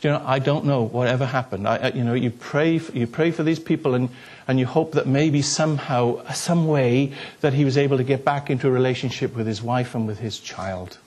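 A middle-aged man, a pastor, telling a story in a sermon and acting out the dialogue with animated, comic excitement. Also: medium pitch, a little fast.

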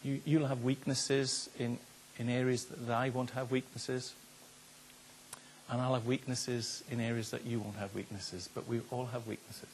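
A man's voice: mid-range voice, level tone, normal speed, a little hiss or hum. An older man, a pastor preaching a sermon in an earnest, conversational way, often repeating his words. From Wales.

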